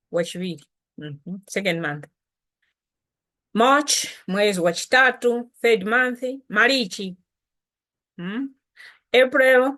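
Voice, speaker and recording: A woman teaching words of her language patiently, repeating each term slowly. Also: mid-range voice, sharp tone. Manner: patient, explains slowly with repetition. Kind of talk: language lesson.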